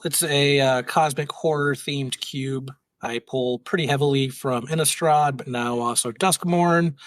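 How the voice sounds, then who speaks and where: A man, a podcast guest, explaining his hobby project in a modest, measured way. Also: medium pitch, no echo. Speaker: podcast guest, cube designer. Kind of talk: casual podcast interview.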